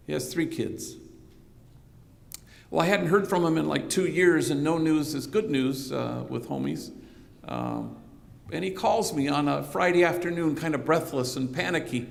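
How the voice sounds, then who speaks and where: A priest giving a conversational keynote speech, telling stories in an anecdotal manner with a bit of slang. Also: male voice, a little high, measured pace, creaky, long pauses. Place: conference hall. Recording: reverberant hall recording.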